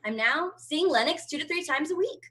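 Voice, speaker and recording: A woman in her thirties performs a brash, profane stand-up set from home over a video call, telling chatty stories. Her voice is high, expressive, and a little fast with a sharp edge, and the audio is poor.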